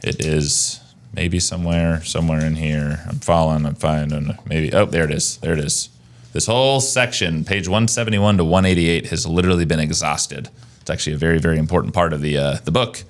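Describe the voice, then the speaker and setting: A man with a deep, low voice hosts a casual business podcast. He talks with energy and rambles a little, restarting his sentences as he goes. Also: steady tone, fairly quick. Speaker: podcast host, agency owner.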